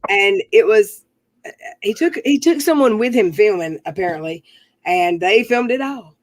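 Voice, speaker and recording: A woman's voice: mid-range voice, expressive, measured pace, no echo, rough recording. A woman hosting a livestream panel, chatting casually with rambling, self-interrupting talk and easy laughs. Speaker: livestream commentary host. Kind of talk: casual chat.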